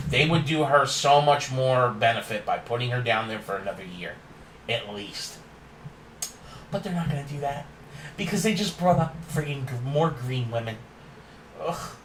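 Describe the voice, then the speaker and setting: A man's voice: mid-range voice, expressive, moderate pace, roomy sound, far from the mic, noisy background. A man hosting a casual wrestling recap, opinionated and ranting with frequent laughs. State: yawning and tired.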